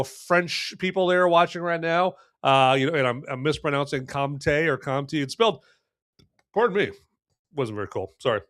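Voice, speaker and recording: Guy rambling through a beer review on his live show, smooth voice, dry close mic. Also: fairly high pitch, a bit bright, dry recording. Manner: rambling, folksy, many fillers and restarts. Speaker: podcast host.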